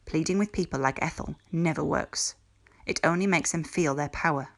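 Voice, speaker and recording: A woman teacher reading a children's book aloud in a clear, measured storytelling voice. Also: deep voice.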